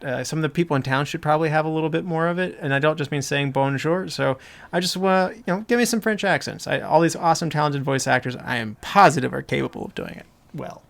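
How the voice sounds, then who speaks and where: A man's voice: on the high side, fast, gravelly, a bit bright. A man hosting a casual movie podcast roundtable, talking in a rambling way with many fillers and restarts. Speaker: podcast host.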